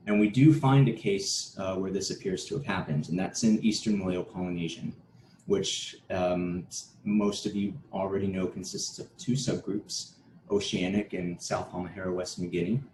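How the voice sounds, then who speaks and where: A conference presenter with a low, darkish voice speaks at a normal speed in a fairly even intonation. He gives an academic talk, explaining steadily and now and then restarting a word. The room is echoey, with faint noise in the background.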